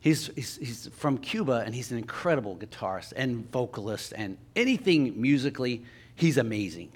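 A man with a Southern Ohio accent preaching a sermon in a church, telling a personal story and swinging from soft asides to loud emphasis. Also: medium pitch, lively intonation, moderate pace, husky. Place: church sanctuary.

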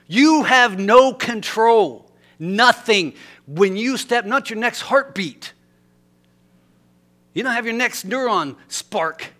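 A male pastor preaching a sermon in a church, telling a story animatedly, swinging from loud to hushed. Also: sits high, lively intonation, takes it slowly. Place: church sanctuary.

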